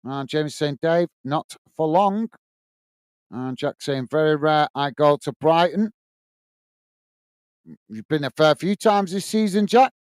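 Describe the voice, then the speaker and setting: A man's voice: a little high, measured pace, long pauses, darkish tone, clear, resonant tone, no echo. A man with a Lancashire accent hosting a live football watch-along, giving running play-by-play and reading viewer comments aloud in a friendly, matey way. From England.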